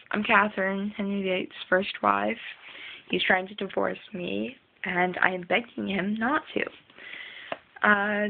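A woman's voice: mid-range voice, gravelly, narrow, tinny audio. A young woman rambling casually in a video diary, chatty and full of ums. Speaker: vlogger.

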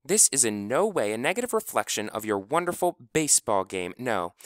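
A man's voice: mid-range voice, fairly bright tone, clear, resonant tone, no room sound, studio quality, voice pushed up. A man voicing a theatrical grown woman who runs a pageant, grand and showy in her speech. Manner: grand and showy, sudden stage whispers.

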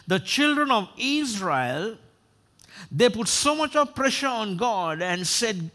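Lively high-voiced male preacher. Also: slow. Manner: animated, acts out quoted voices of God and people; repeats and restarts words often. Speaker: pastor. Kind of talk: sermon.

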